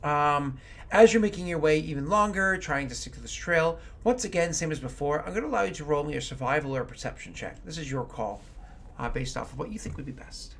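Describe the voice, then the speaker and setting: A man's voice: a little high, lively intonation, fast talker, creaky, fairly bright tone. A man running a tabletop game as game master, narrating in an easygoing, meandering way.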